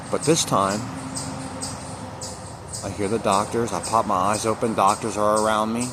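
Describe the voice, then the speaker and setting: A man's voice: on the low side, normal speed, noisy background. A man candidly telling a personal story to camera, repeating phrases for emphasis and swearing now and then. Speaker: recovery vlogger.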